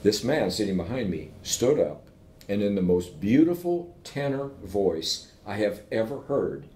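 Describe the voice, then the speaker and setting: A man, an invited professor, telling stories in conversation and checking in with his listeners as he goes. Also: measured pace. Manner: animated anecdotes, keeps checking in with "okay?". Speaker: invited professor speaking with entrepreneurs. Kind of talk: conversational storytelling. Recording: roomy echo with faint rumble.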